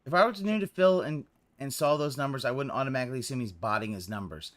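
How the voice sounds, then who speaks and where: A man's voice: mid-range voice, fast talker. A man co-hosting a casual stream, mocking and sarcastic, swearing freely. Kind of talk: casual livestream chat.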